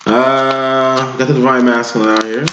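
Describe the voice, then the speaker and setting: A man giving a casual tarot reading in a laid-back, slangy way, with a flat monotone delivery. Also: medium pitch, normal speed. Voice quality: self-described monotone. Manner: laid-back, slangy, chuckles between lines. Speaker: tarot reader. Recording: echoey room, dull lo-fi, loud background noise.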